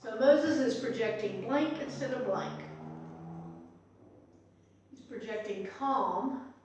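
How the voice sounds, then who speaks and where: Her voice sits on the high side, expressive, slow and a little mellow as this middle-aged pastor chats through an informal Bible study with asides and restarts. The distant recording in a church meeting room is echoey, with a little hiss or hum.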